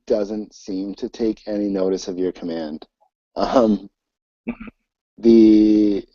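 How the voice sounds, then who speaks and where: A man narrating a tabletop game as game master, halting and full of fillers. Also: fairly low pitch, dark tone, no room sound. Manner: hesitant, many fillers. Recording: dull lo-fi recording.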